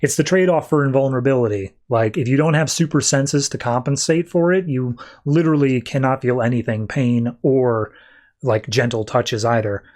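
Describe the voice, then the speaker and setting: A mysterious superhuman stranger, calm and wise, who explains himself patiently and casually, as a man retelling a comic puts him on. The figure stays gentle and unhurried, with a mid-range male voice. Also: medium pitch, lightly acted. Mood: explaining.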